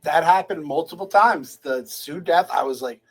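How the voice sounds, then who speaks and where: Excitable man with a slightly high voice. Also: normal speed, slightly rough, rough recording. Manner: excitable, acts out his own reactions. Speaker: podcast co-host. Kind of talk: casual movie review chat.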